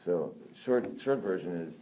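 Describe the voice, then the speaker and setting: At normal speed and low pitch, a man recounts a personal incident in a casual, animated way, cursing often and fixing his own wording as he rambles along. The audio is muffled, lo-fi and carries a faint hiss.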